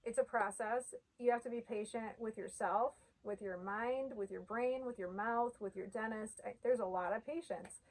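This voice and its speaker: Earnest woman vlogger, slightly high voice. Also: normal speed, hardly any pauses, a little mellow, poor audio. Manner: earnest, heartfelt, uses "like" often. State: tearful. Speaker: vlogger sharing her denture journey. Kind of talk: emotional casual talk to camera.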